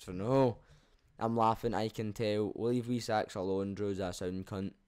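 Fairly low-pitched and smooth, a little mellow, a young Scottish man speaks unhurriedly in a steady tone. As a YouTuber, he reads his own channel's comments and responds with cheeky banter, freely swearing and laughing at himself.

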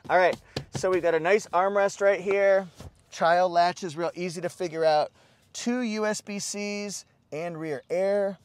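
This salesman's voice is notably high for a man as he gives an upbeat, casual walkaround of a car at a dealership, promoting features in an easygoing way. He keeps fairly even intonation and a measured pace, with a clean tone.

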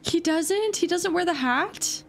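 A woman giving casual, excitable reaction commentary on a video game, swearing freely and thinking out loud. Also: extremely high pitch, slow pace, vocal fry, music in the background. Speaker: gaming reaction streamer.

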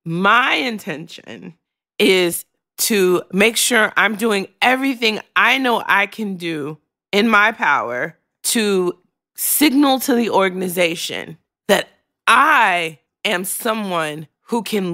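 Woman podcast host, slow and heartfelt, blunt with curse words, dry close sound. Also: mid-range voice, pushed and bright, no echo. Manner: emotional, frank, swears freely. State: choking back tears. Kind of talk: candid podcast monologue.

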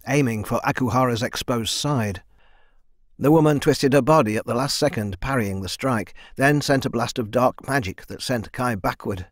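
A man reading a fantasy novel aloud in a steady storytelling voice that lifts for the action beats. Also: medium pitch, no echo, studio quality. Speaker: audiobook narrator. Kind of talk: scripted fantasy narration.

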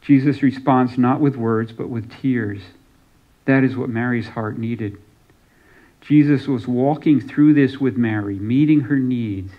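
A man's voice: medium pitch, a little slow. Man preaching a sermon, slightly dull recording. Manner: reads scripture aloud with some dramatic emphasis. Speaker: pastor. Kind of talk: sermon with scripture reading.

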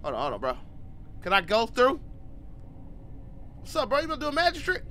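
A man's voice: extremely high pitch, wildly swooping pitch, fairly quick, bright, forceful tone, a little hiss or hum. A man doing casual let's-play commentary, slangy and joking, reading game text aloud and riffing on it with plenty of swearing. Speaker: gaming YouTuber.

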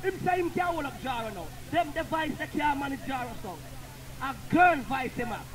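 A man with a Jamaican accent, a sound system selector shouting hype talk in patois at a live clash. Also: extremely high pitch, animated, normal speed, rough recording. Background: loud dancehall music.

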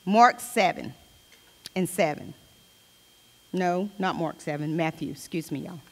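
A woman's voice: on the low side, a little slow, big-room sound. A woman leading a Bible study in a chatty, informal way, reading scripture aloud between personal remarks. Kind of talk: conversational Bible study teaching. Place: church hall.

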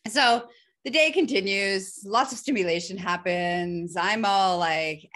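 A woman guest on a podcast telling a candid personal story, animated and laughing often, her voice jumping high when she quotes herself. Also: unhurried.

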